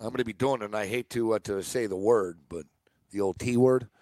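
A man's voice: lowish voice, a little fast, mellow, no room sound. A man co-hosting a sports betting radio show, brash and opinionated in casual chat. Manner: brash, opinionated, talks over his co-host.

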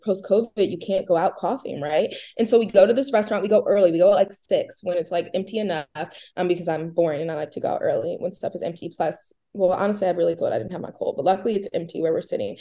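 Fast-talking woman spinning a story. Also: fairly low pitch. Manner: rambling storyteller, animated quoting. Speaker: co-host. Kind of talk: casual chat.

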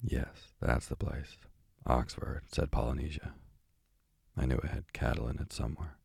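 A man's voice: a bass voice, steady tone, moderate pace, vocal fry, a little mellow, slightly rough, no echo, studio quality, full character voice. Polynesia, chatty old parrot, read by a man.

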